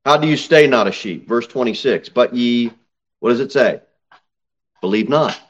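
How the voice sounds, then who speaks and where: Emphatic male preacher, dull lo-fi sound. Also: mid-range voice. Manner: preaching with slow emphatic stresses and sudden raised peaks. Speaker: pastor. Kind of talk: sermon. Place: church sanctuary, at the pulpit.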